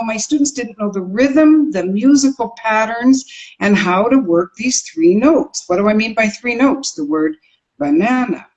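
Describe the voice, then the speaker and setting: An older woman from Canada, a communication teacher, telling stories in an interview in an expressive way, sounding out rhythms as she goes. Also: on the high side, dull audio. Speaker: accent coach and communication teacher. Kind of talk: animated interview storytelling.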